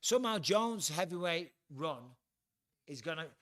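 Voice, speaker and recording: A middle-aged man with an English accent talks loosely through a livestream from his home, blunt and quick to swear. His voice sits a little high for a man. The sound is dry and close, with no room around it. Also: expressive, bright, forceful tone, no room sound. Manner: chatty, blunt, swears freely. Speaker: livestream host. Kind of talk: casual livestream chat.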